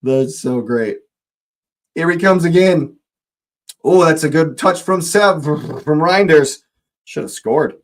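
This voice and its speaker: A young man hosting a live football watch-along, excitable, laughing often and repeating his phrases. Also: fairly high pitch, slow pace, long pauses.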